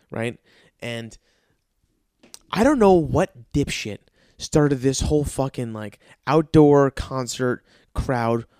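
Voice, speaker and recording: A man's voice: fairly high pitch, a little mellow, dry recording, clean studio sound. Profane, exasperated American man ranting. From United States. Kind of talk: comedic ranting story.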